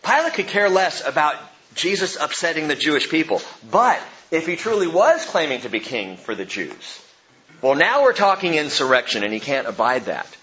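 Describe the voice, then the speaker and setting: A man preaching a sermon, moving between hushed, quiet phrases and emphatic bursts, with the odd joke along the way. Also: a little high, big pitch swings, moderate pace. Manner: dramatic, swings from soft hush to emphatic; jokey asides amid preaching. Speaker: pastor. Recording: slightly dull lo-fi recording with faint noise.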